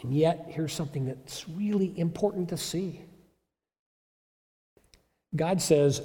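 A man's voice: a little high, slow pace, pauses often, mellow. Man preaching a sermon in a reverberant church. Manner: storytelling, emphatic, rhetorical questions. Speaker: pastor.

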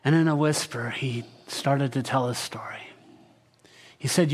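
A man telling a Bible story in the first person as a character, often dropping to a hushed whisper. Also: mid-range voice, unhurried.

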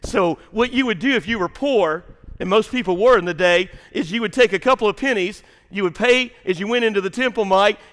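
Impassioned pastor preaching in a reverberant hall. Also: male voice, high-pitched, fairly quick. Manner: swings from shouting to hushed near-whisper. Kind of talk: sermon. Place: church sanctuary.

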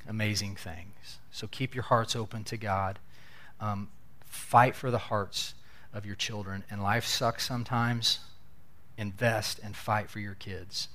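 A man's voice: lowish voice, fairly bright tone. A middle-aged man preaching a sermon in an earnest, conversational way, often repeating words as he restarts. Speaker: pastor.

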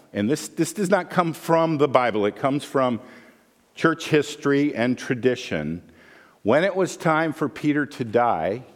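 Animated male pastor in a reverberant hall. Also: medium pitch. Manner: animated, acts out quoted voices with humor. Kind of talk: sermon.

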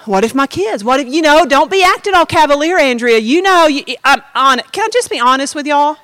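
A woman's voice: sits high, animated, a little fast, hardly any pauses, fairly bright tone, no room sound. A woman giving a personal testimony as a sermon, talking straight to the congregation in a conversational way. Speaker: preacher.

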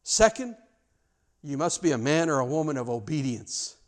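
A man's voice: fairly high pitch, big pitch swings, moderate pace. A man preaching a sermon in a church, speaking earnestly with frequent stammered restarts. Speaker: pastor.

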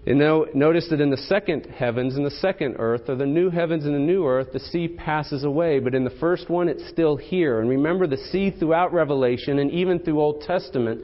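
A pastor with a slightly high voice preaches quickly and with few pauses, keeping things conversational. He poses rhetorical questions to the congregation and tacks "okay?" and "right?" onto his lines, captured on a somewhat dull lo-fi sermon recording.

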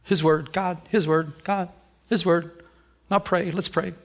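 A man's voice: high-pitched, steady tone, unhurried. A man preaching a sermon as pastor, with many restarts, who acts out the voices he quotes.

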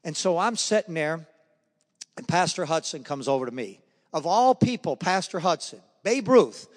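Guy sharing his testimony at a men's breakfast, kinda high voice, lots of echo from the hall. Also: moderate pace. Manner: animated storytelling, acts out the voices in his stories. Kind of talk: spoken faith testimony. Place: church hall or meeting room. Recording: long hall reverb.

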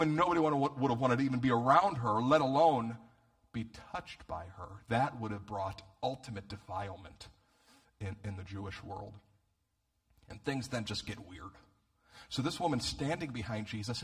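Preaching with humor and animation, this male pastor tends to say words twice when launching into a phrase. He has a mid-range voice and keeps a moderate pace.

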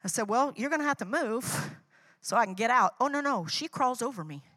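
A woman's voice: on the high side, animated, fairly quick, a bit bright, dry recording. A woman preaching a sermon through personal stories, talking conversationally, checking in with "right?" and acting out the dialogue she quotes. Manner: conversational, tags lines with "right?".

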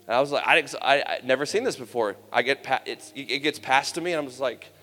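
A man's voice: mid-range voice, expressive, fast, sharp tone. Man, youth camp preacher, candid storytelling, long hall reverb, faint music behind. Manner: candid, conversational storytelling with humor. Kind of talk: personal testimony sermon.

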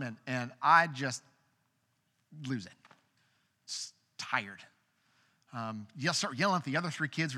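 Bright-voiced man preaching in a reverberant hall. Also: medium pitch, husky. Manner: earnest storytelling, swings from hushed to emphatic. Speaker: pastor. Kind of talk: sermon.

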